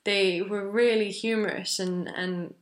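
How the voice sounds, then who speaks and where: A woman's voice: mid-range voice, steady tone, measured pace. A young woman who grew up in France gives an unscripted presentation of her research project, thinking aloud and searching for her words as she goes.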